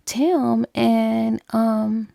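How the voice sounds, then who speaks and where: Gravelly woman recapping a book. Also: a little high, steady tone, drawn-out words, warm tone, no echo, clean studio sound. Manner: chatty, filler-heavy storytelling. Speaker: book reviewer. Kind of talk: casual book review retelling.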